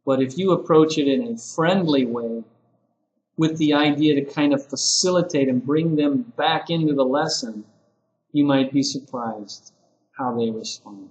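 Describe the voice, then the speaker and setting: A man's voice: mid-range voice, a little slow, darkish tone, lo-fi sound. A man giving an ESL teacher-training lesson in a conversational way, acting out sample phrases a teacher might say. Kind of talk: lecture-style teaching video. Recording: echoey room.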